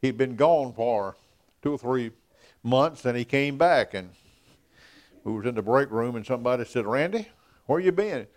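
A man's voice: mid-range voice, normal speed, pauses often. Man, preacher, sermon; folksy storyteller, emphatic. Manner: folksy storyteller, emphatic, rising to loud peaks.

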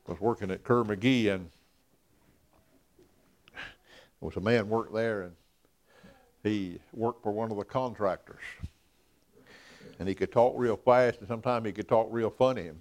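A man preaching a sermon, telling stories in a folksy, emphatic way that rises to loud peaks. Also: fairly low pitch.

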